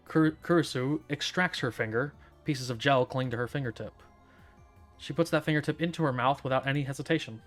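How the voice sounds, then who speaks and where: A man reads a visual novel aloud in a theatrical, smug first-person style. His voice is mid-pitched and ordinary. Faint music plays behind him. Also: brisk. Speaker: streamer reading a visual novel.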